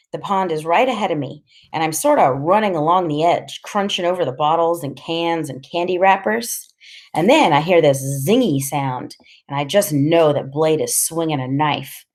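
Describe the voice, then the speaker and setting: A woman narrating a storybook audiobook in the first person, expressive and conversational. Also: low-pitched, normal speed.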